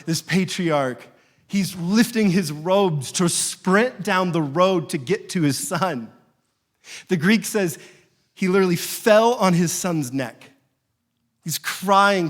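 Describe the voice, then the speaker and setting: A man's voice: fairly high pitch, long reverb tail. A man preaching a sermon, telling a story and acting out the lines of the people in it. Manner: storytelling, animated, acts out quotes. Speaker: pastor.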